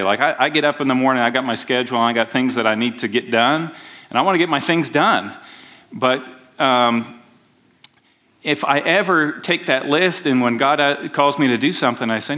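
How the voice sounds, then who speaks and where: A man delivering a sermon with a bright, forceful voice. He talks to the congregation casually and keeps restarting his phrases. His pitch sits in a middle range for a man. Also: normal speed. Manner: conversational preaching with frequent restarts. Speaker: pastor.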